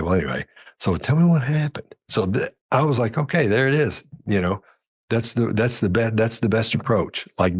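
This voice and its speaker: In a laid-back podcast conversation, a guest with a fairly low voice and a breathy edge works through a long story. He wanders, backtracks to fix details, and dramatizes the lines of dialogue.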